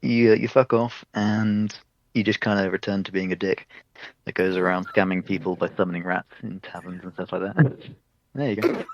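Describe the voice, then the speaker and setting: A man's voice: low-pitched, fairly quick, muffled recording. Laughing man retelling a game story. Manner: animated storytelling, acts out characters, laughs often. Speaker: podcast co-host reviewing a game. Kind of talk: casual chat.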